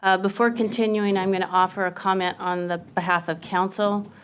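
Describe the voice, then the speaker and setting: A woman chairing a city council meeting, reading a prepared statement in a measured, formal way. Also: medium pitch, little pitch movement, a little hiss or hum.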